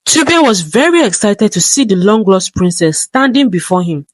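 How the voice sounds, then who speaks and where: A synthetic-sounding narrator reading a folktale in an even, steady storybook manner. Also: mid-range voice, moderate pace, hardly any pauses, no echo.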